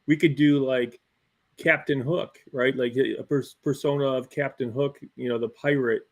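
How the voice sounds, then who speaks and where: A man's voice: mid-range voice, fairly even intonation, moderate pace. A man co-hosting a casual chat, hesitant and stumbling as he thinks aloud.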